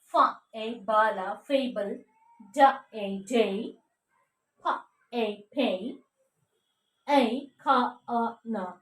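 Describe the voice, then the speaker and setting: A woman teaching pronunciation, drilling words slowly, spelling out letters and checking with "okay?" between them. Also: on the high side, a bit bright, recorded from a distance. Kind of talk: slow drilled pronunciation lesson. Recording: echoey room, a bit off mic.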